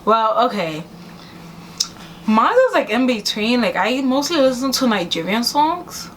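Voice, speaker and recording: A woman's voice: fairly high pitch, expressive, unhurried, fairly bright tone, a little hiss or hum, poor audio. A young woman from New York City hosting a casual chat with her cousin, teasing and laughing often. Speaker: host.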